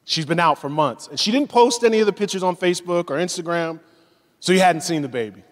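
A man in his forties preaches a sermon with animated storytelling. His voice sits a little high and carries a long reverb from a large hall. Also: quick pace. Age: 40s. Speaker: pastor.

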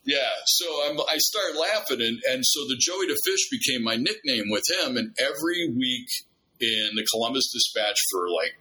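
In casual conversation, a middle-aged man appearing as a guest spins animated stories, voicing the dialogue and frequently starting over. He speaks in a mid-range voice at a moderate pace over poor audio.

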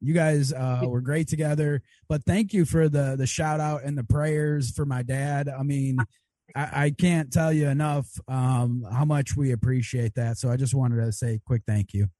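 A man's voice: mid-range voice, fairly even intonation, moderate pace, warm tone, no room sound. A man co-hosting a stream, chatting casually and thanking a caller. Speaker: stream co-host. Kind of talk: casual chat.

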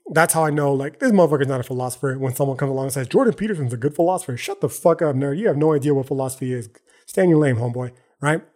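With a fairly high, slightly mellow voice, this man hosts a solo podcast. He's casual, slangy, emphatic and profane, ending lines again and again with "right?" or "okay?".

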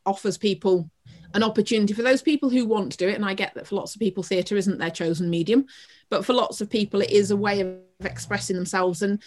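A woman with a Northern English accent, a prison theatre practitioner speaking earnestly and passionately as a podcast guest, often restarting her sentences. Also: lowish voice. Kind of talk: podcast interview answers.

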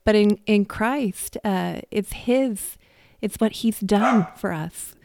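Gravelly-voiced woman hosting a faith podcast. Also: medium pitch, slow, a little mellow, no echo, clean studio sound. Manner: reflective, storytelling with acted quotes. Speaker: podcast host. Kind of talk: casual faith conversation. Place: indoors at home or studio, drinking coffee.

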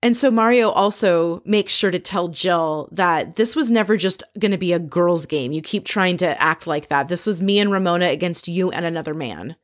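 A woman hosting a casual recap, telling the story in a chatty, animated way with frequent asides. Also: lowish voice, moderate pace, hardly any pauses. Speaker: podcast host recapping a reality show.

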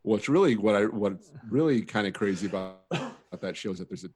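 Man, podcast guest, lowish voice, halting, lots of ums. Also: animated, a little mellow, slightly rough. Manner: hesitant, halting, with many fillers. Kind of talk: casual chat.

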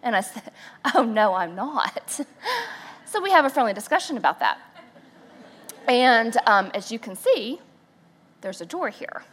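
A woman speaking at a church service, telling a playful, self-mocking story with animated, acted-out quotes. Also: a little high, normal speed, pauses often. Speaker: church speaker, pastor's wife. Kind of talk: storytelling sermon.

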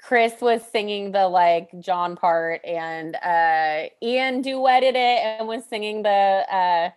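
A woman's voice: mid-range voice, slow pace, smooth. A woman co-hosting a podcast, chatting casually and hesitating with fillers as she tells a story. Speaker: podcast co-host. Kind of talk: casual chat.

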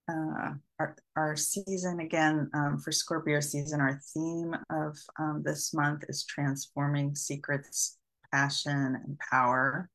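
A woman co-hosting a livestream, welcoming everyone in a hesitant way with many pauses and fillers. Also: low voice, vocal fry, low-quality recording. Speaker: co-host. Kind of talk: casual livestream chat.

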